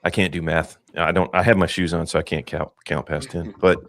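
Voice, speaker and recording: A man hosting a casual movie podcast, animated and rambling, joking and swearing freely. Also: low voice, brisk, creaky, no room sound. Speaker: podcast host.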